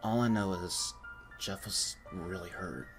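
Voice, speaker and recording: A man in his twenties voicing a haunted, stammering teenage boy turned killer in a creepypasta monologue, with a hushed, whispery, gravelly voice. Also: low-pitched, a little slow. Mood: hollow, quiet. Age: 20s. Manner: stammering, numb then unhinged. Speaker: voice actor. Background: music.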